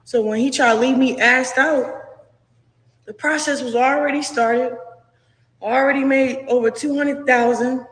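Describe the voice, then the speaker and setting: A woman's voice: high voice, fairly even intonation, measured pace. A woman bluntly retelling her own story, swearing freely and acting out what people said to her. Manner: blunt, profane, acts out what was said. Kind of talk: candid personal retelling. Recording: echoey clip with long reverb.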